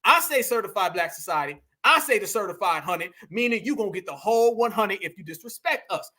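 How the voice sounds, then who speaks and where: A man's voice: high voice, expressive, brisk, sharp tone. A man hosting a heated commentary monologue, emphatic and repetitive, calling his audience family. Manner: emphatic, repeats lines, calls the audience family. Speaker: commentary host.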